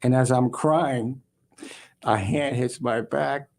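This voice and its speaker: A man guest on a talk show, telling a story in a lively way and acting out other people's voices. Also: medium pitch, slow, gravelly.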